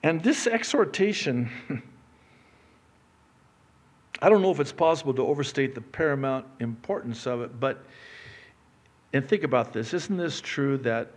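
A middle-aged man preaching a sermon, joking and poking fun at himself, swinging between loud emphatic lines and quiet asides. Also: mid-range voice. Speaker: pastor.

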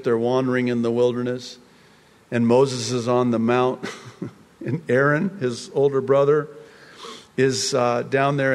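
A man preaching in an unhurried, drawn-out way, his words wandering with restarts and sudden excited rises. His voice sits at an ordinary middle pitch. It rings with the long reverb of a large hall. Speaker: pastor. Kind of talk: conversational sermon.

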